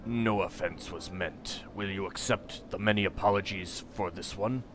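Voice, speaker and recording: A man voicing a stiff, formal stranger who speaks slowly and deeply about himself in the third person. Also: noisy background, close to an everyday voice. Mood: solemn. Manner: slow, deep, formal, talks of himself as "this one".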